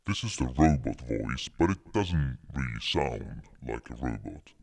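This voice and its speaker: A man talking through a voice changer that turns him into an evil, very low-voiced demon. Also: expressive, unhurried, vocal fry, darkish tone, dry recording, full character voice. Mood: demonstrative. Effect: voice changer pitched far down.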